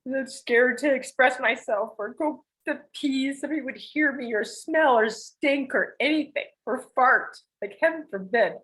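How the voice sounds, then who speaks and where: A woman's voice: on the high side, a bit bright, poor audio. A woman telling personal stories as a podcast guest, rambling, emotional and confessional, with casual swearing. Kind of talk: candid personal storytelling.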